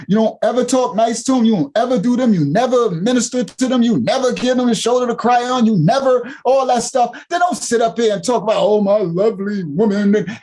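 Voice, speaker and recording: A man's voice: very high voice, darkish tone. A man hosting a ministry channel, delivering heated, preachy commentary and repeating points for emphasis. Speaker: ministry host reacting to clips.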